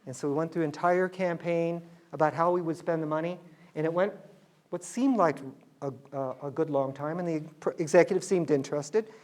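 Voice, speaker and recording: Animated storytelling businessman. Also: a little high, fairly quick. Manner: animated, acts out dialogue in quoted voices. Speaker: business speaker telling a story. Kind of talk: storytelling talk to students.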